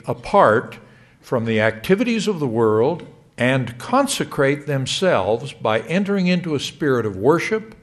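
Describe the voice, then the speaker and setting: A middle-aged man delivering a sermon to a congregation in a measured, emphatic way. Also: mid-range voice. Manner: measured, lively rising emphasis. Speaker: church speaker.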